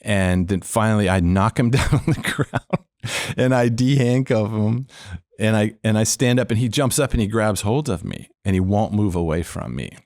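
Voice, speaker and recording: A man's voice: lowish voice, moderate pace, dry recording, clean studio sound. A middle-aged man, a former police officer, telling a story of faith as a podcast guest and acting out the voices in it. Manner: animated storyteller, acts out quoted voices. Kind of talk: storytelling testimony.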